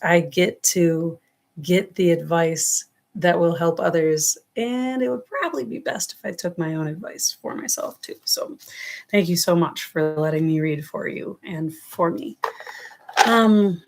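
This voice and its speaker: A woman's voice: on the low side, unhurried, gravelly. A woman with a New York accent giving a casual live tarot reading, rambling affectionately and calling her viewers loves and darling. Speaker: tarot reader. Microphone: webcam or phone on a livestream.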